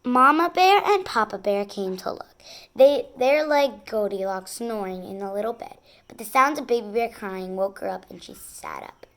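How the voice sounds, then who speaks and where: A woman reading a picture book aloud in an expressive, sing-song storytelling manner. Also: medium pitch, moderate pace. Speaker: storybook reader.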